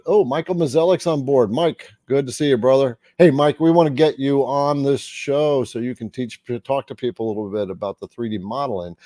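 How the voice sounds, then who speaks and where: A man's voice: mid-range voice, dark tone, no echo. A man hosting a casual livestream, chatting and greeting viewers by name. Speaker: livestream host.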